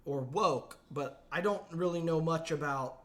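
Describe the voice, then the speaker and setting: Male podcast co-host, bright and somewhat high, rambling comic chat with frequent laughs. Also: a little slow. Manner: rambling, laughs often, mimics accents. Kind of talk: casual comedic chat.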